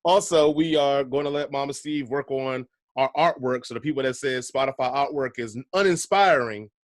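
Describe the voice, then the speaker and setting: A man's voice: mid-range voice, moderate pace, dry recording. A man hosting a casual podcast, chatty and laid-back, laughing easily between points. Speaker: podcast host.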